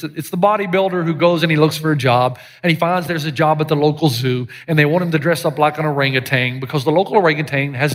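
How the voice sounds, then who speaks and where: A man preaching a sermon as pastor, animated and joking, with sudden shouted lines. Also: on the high side. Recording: live sermon with long hall reverb.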